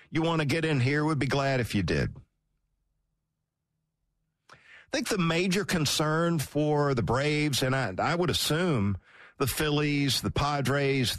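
Animated sports radio host. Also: male voice, a little high, dry recording, studio quality. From Georgia, US. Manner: animated, wry, chatty. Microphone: studio mic.

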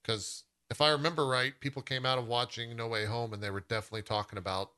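A man's voice: medium pitch, fairly even intonation, fast, bright, forceful tone, smooth. A man hosting a podcast in loose, casual chat, full of fillers. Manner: loose and chatty, many "like" fillers. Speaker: podcast host.

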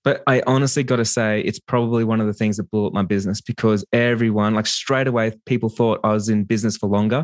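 A man hosting a casual podcast, telling a relaxed story about his business. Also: lowish voice, fast, hardly any pauses, no room sound, studio quality.

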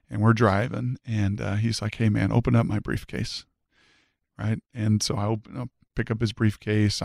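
A man's voice: fairly low pitch, gravelly, dry recording, clean studio sound. A man, a former football player, telling an emotional personal story as a podcast guest, earnest and fervent, often restarting his sentences.

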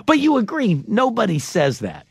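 A man with a high, husky voice hosts a casual chat. He teases his co-hosts and jumps all over his range as he talks. The sound is dry and close. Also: no echo. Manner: animated, teasing, quick to laugh. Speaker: radio show host.

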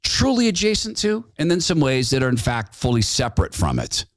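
A man's voice: medium pitch, huge pitch swings, a little fast, no echo. A man hosting a talk radio show, delivering a sarcastic, mocking opinion monologue and laughing at his own jabs.

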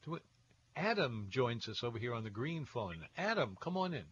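A man hosting a radio call-in show, talking in a relaxed way with plenty of pauses and fillers. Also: mid-range voice, dull audio, slight background noise. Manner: relaxed, hesitant with many fillers.

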